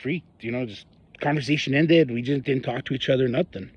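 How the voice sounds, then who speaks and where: A man's voice: medium pitch, a little fast, slightly rough, muffled recording. A man from northern New Mexico giving an angry personal monologue about local politics, ranting and mocking the people he talks about. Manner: heated, ranting, mocking voices of others.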